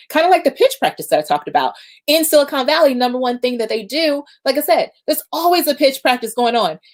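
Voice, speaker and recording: A woman coaching founders on a casual livestream, talking energetically and repeating phrases for emphasis. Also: mid-range voice. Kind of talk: casual livestream talk to viewers.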